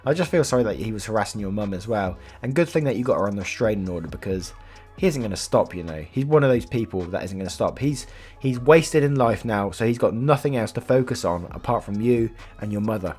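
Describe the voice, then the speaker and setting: A man's voice: lowish voice, animated, fast, a little mellow, husky, faint music behind. A man reading Reddit stories aloud, casual and chatty, swearing freely and reacting to the story. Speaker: narrator.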